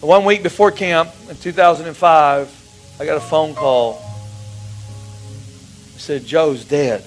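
A man preaching a sermon, telling a personal story with emotion, his voice dropping to a hush and rising again. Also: on the high side, a little slow, faint music behind, low-quality recording. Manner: emotional storytelling, swings from hushed to raised.

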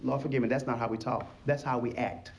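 A man preaching a sermon in an animated, folksy call-and-response style. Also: mid-range voice, fast, gravelly, dull audio. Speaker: pastor.

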